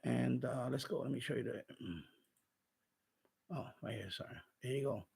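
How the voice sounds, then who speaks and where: A man hosting a casual live stream, telling a story in an animated, ranting way and chatting with viewers. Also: mid-range voice, normal speed, vocal fry, breathy edge.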